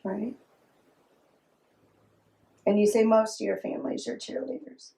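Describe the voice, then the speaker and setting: A woman in her thirties, a mother telling her child's story in a documentary interview, speaking in a halting, personal way with pauses. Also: fairly high pitch, fairly even intonation, gravelly, warm tone, low-quality recording.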